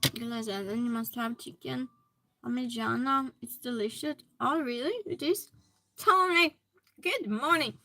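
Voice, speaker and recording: Stream host, woman, fairly high bright voice, friendly chat with viewers from her hobby room. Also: unhurried, dry recording, low-quality recording. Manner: chatty, greets viewers by name. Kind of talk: casual chat reading viewer comments.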